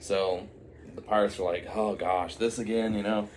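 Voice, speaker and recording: A man's voice: on the low side, moderate pace, noisy background. A man improvising a silly story, rambling with many fillers and asides.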